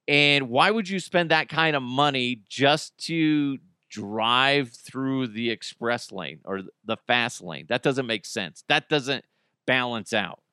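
A man's voice: medium pitch, bright, forceful tone, clear, resonant tone, no echo, studio quality. A man hosting a podcast, delivering a crude, sarcastic comedic monologue and laughing often. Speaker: podcast host.

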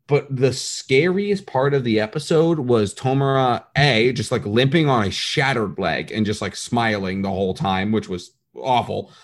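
Casting: male podcast co-host, average pitch, rambling animated chatter. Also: normal speed, hardly any pauses. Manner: animated, rambling, acts out quotes. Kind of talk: casual chat.

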